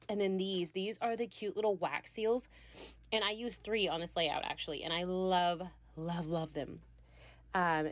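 A woman's voice: medium pitch, no room sound. Chatty woman, dry close voice. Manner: chatty, frequent ums, laughs lightly. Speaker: scrapbooking video creator. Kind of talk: casual voice-over while crafting. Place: craft room at home.

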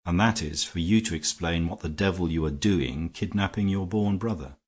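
Man reading ironic weary english gentleman, storybook, deep voice, breathy edge. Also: moderate pace. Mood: calm explaining. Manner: dry, ironic.

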